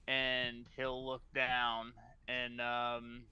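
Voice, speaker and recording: A man voicing his tabletop character in an exasperated, stern way. His voice is bright, forceful and smooth. The mic sounds dull and lo-fi. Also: mid-range voice, normal speed. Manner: exasperated, swearing, stern roommate tone. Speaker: player. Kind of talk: in-character tabletop role-play.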